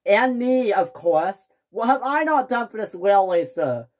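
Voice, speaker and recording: A woman voicing a vain, hot-tempered young male steam engine in a toy train story, whining, shouting and sobbing. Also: medium pitch, animated, unhurried. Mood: indignant. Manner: whiny, shouting and sobbing in outbursts.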